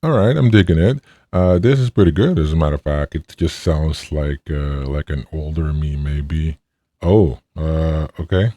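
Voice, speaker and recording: A man talking through a male voice-changer preset that deepens his voice, testing it aloud and sounding impressed. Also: level tone, measured pace, warm tone, no echo.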